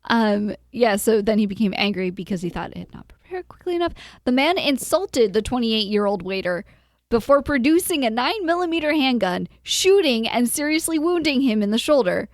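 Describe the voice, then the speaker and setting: A woman's voice: a little high, sing-song, normal speed, dry recording, clean studio sound. Giggly woman reading out a news story. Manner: giggly, trailing off, lots of "like" and "um". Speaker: podcast co-host. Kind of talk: casual chat, reading a news story aloud.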